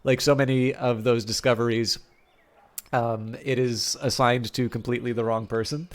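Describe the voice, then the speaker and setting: A man's voice: medium pitch, level tone, moderate pace, vocal fry. A man streaming live strategy game commentary, thinking aloud with many fillers and restarts and a self-amused tone.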